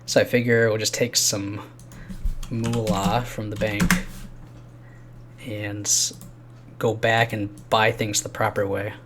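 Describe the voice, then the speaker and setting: A man's voice: fairly low pitch, level tone, slow pace, long pauses, a bit bright, a little hiss or hum. Chatty man rambling through a game. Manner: rambling, chuckling, trailing off into fillers. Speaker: game host recording a quest playthrough. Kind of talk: casual gaming chat.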